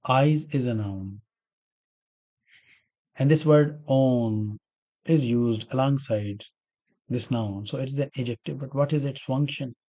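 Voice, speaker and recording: A man's voice: mid-range voice, takes it slowly, pauses often, warm tone. Guy going thru grammar rules, asks himself questions then answers, repeats words a lot. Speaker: English grammar teacher. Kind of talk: explaining grammar examples step by step.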